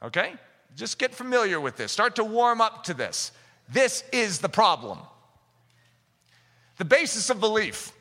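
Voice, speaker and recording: A man preaching a sermon with fervor, rising to shouts and mimicking the voices of doubters. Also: high voice, big pitch swings, a little slow, long pauses. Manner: impassioned, rising to shouts, acting out skeptics' voices. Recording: long reverb of a large hall.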